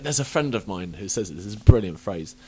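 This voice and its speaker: A man's voice: fairly low pitch, expressive, fast, mellow, a little hiss or hum. A man from England hosting a podcast, chatting casually, swearing a lot and laughing often. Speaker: podcast host. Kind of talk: casual chat.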